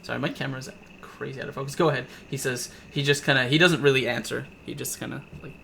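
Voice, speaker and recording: Male game master, bright and gravelly, hesitant narration, faint room hiss. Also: medium pitch, steady tone, fast talker. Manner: hesitant, filler-heavy narration. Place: home setup with camera.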